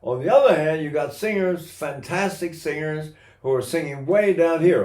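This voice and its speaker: A man's voice: fairly high pitch, moderate pace, a little mellow, roomy sound. An older man teaching singing technique in a rambling way, breaking into sung vowels and imitated voices to demonstrate. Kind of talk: recorded voice lesson.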